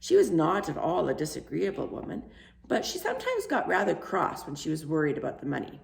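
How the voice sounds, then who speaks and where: A woman reading a children's book aloud as a storyteller, lively and expressive. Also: sits low, a little fast, gravelly, background noise. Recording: roomy echo.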